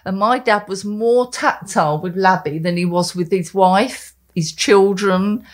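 A woman's voice: medium pitch, a little slow. A woman co-hosting a casual chat podcast, blunt and opinionated, given to ranting. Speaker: podcast co-host, columnist.

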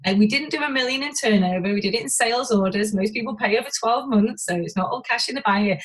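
A woman's voice: fairly high pitch, rough recording. A woman from Warrington, talking candidly as a podcast guest, swearing freely and restarting her sentences. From Warrington, England. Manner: rapid, animated, swears freely, many restarts. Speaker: podcast guest, business owner. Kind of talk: candid conversational interview.

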